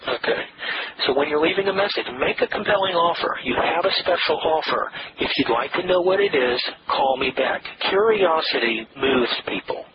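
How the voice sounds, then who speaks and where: Brisk, direct salesman coaching over noise. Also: on the high side, animated, lo-fi sound. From San Diego, USA. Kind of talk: sales coaching with live phone calls.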